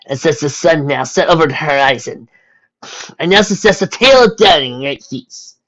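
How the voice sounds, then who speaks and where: A reader voicing a warm, motherly female horse ruler who speaks heartily and gently teases, in a muffled lo-fi recording. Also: medium pitch, expressive, normal speed, pitched above the performer's own voice. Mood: formal welcome.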